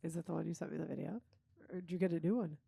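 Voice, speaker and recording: A woman's voice: low-pitched, very fast, creaky, warm tone, husky. A woman hosting a podcast, telling family stories in a casual chat and laughing often. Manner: laughs often, chatty storytelling. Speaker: podcast host.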